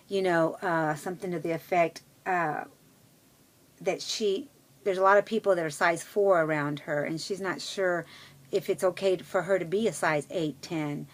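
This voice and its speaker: In her casual personal vlog, a middle-aged woman with a lowish voice rambles on to viewers, her speech dotted with fillers and false starts.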